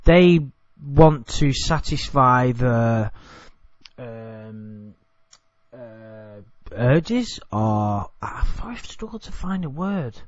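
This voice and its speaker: A man's voice: mid-range voice, lively intonation, very slow, no echo. English-accented man, casual commentary, rambling and blunt, dry slightly dull audio. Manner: rambling, self-correcting, blunt. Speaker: video commentator.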